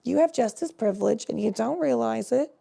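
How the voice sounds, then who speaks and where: A woman's voice: fairly high pitch, expressive, brisk, vocal fry, dark tone, breathy edge. A woman chatting casually on a live stream, giving a tarot reading in a rambling, swearing way.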